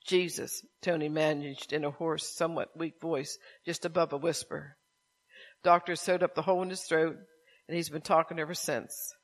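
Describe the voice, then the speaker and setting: A man preaches with a slightly high voice. He reads a story aloud, then turns to his listeners with pointed rhetorical questions about forgiveness. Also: flat delivery, moderate pace. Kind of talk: sermon with story reading.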